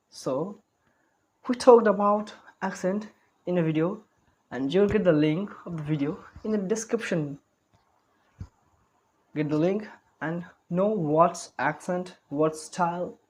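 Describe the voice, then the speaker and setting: A man's voice: high voice, slow pace, pauses often, a little mellow, low-quality recording. A man giving an online spoken English lesson, talking carefully, repeating words and correcting himself as he goes.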